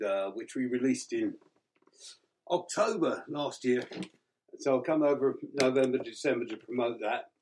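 A man with an English accent talks as a guest musician in a relaxed interview. He is chatty and easygoing, laughing often as he tells his story. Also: mid-range voice, poor audio. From England. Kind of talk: casual interview answers.

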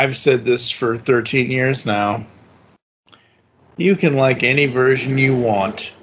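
A man's voice: mid-range voice, a bit bright. A man hosting a podcast, chatting casually and enthusiastically, rambling with restarts. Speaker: podcast host. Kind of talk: casual fan chat.

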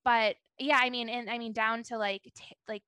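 A woman's voice: on the high side, fairly even intonation, normal speed, pushed and bright, smooth, no echo. A woman co-hosting a podcast in casual chat, rambling with many fillers. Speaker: podcast co-host.

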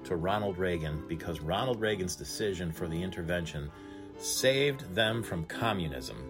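A male radio host talks in a chatty, storytelling way, his voice sitting a bit low. A string group plays clearly behind him the whole time, as if he is on board a ship. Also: expressive, normal speed. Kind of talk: casual talk radio monologue. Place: aboard a cruise ship. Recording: string music playing behind. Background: string music.

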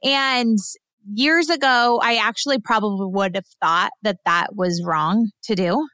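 A woman in her thirties hosting a podcast, telling a story in a chatty, animated way with lots of fillers and laughter. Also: mid-range voice, a little slow, no echo. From Southern California. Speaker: podcast host. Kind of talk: casual storytelling monologue.

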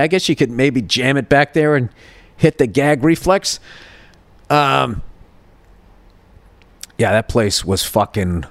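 A man's voice: mid-range voice, no echo. A man, a podcast host telling profane, rambling stories and laughing at his own jokes. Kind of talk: casual rambling monologue.

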